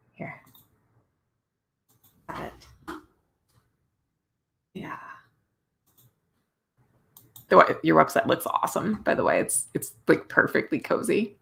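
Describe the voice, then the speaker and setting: A tired, yawning woman hosting an early-morning writing livestream, chatting casually with many restarts and soft laughs. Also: low-pitched, creaky. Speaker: livestream host running writing sprints. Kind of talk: casual live stream chat.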